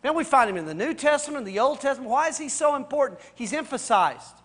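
A pastor with a strikingly high voice for a man, leading a Bible study class. He asks question after question, repeats his main points, and talks to his listeners like a friendly teacher. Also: lively intonation, fast talker, fairly bright tone. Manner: addresses listeners directly and casually.

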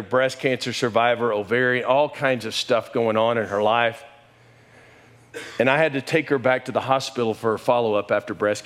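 A middle-aged man delivering a sermon in an emotional storytelling manner. His voice sits at an ordinary pitch for a man. He lifts his pitch and volume when he quotes others. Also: fairly bright tone. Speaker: pastor.

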